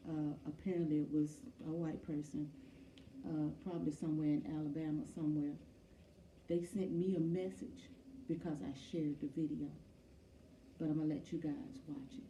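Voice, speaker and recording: A woman's voice: low voice, dark tone, a little hiss or hum. A woman vlogger earnestly retelling a story to her viewers with frequent fillers. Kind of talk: casual talk to camera. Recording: echoey room, from far off.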